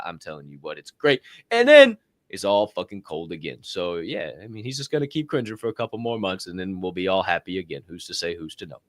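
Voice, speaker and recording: A man hosting a podcast, giving energetic shout-outs in casual chat, swearing freely and whooping. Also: lowish voice, no echo. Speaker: podcast host.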